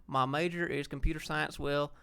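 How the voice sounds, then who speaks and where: Exaggerated Southern Georgia drawl, put on by a man, slightly high and smooth. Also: fairly even intonation, normal speed, a bit bright. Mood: mock-folksy.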